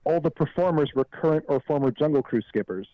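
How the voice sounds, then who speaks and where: A man's voice: on the high side, animated, fast, no echo, dull audio. A man from Southern California, a guest author telling stories in a casual interview with a wry, joking manner.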